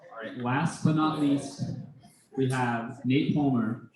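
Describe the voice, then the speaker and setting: A man emcees an event, casually introducing each speaker. He talks slowly. The room is very echoey, and loud noise runs underneath. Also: mid-range voice, fairly even intonation.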